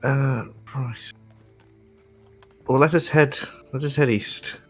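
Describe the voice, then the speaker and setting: A man playing a tabletop game, chatting quickly and jokingly in and out of character. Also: mid-range voice, fairly even intonation, soft background music. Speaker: player. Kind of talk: casual tabletop game play.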